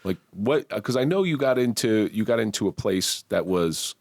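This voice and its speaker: A man's voice: fairly low pitch, lively intonation, moderate pace, darkish tone, no room sound. A man hosting a podcast interview, prompting his guest with brief responses. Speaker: podcast host.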